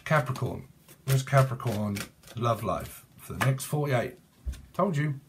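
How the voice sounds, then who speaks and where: A man's voice: mid-range voice, lively intonation, measured pace, slight background noise. A man with a British accent giving a rambling, jokey tarot reading, free-associating and laughing at his own jokes. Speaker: tarot reader.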